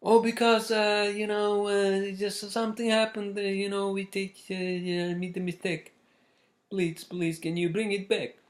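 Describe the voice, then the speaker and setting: Guy doing a squeaky flustered laundry lady, stammers a lot, thick accent. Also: flat delivery, unhurried. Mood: apologetic. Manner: stammering, apologetic.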